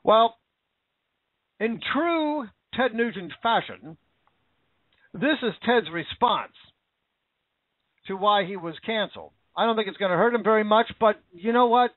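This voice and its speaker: A man's voice: high voice, animated, measured pace, long pauses, no echo. An American man giving an indignant, repetitive political opinion rant. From United States. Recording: dry, phone-like narrow audio.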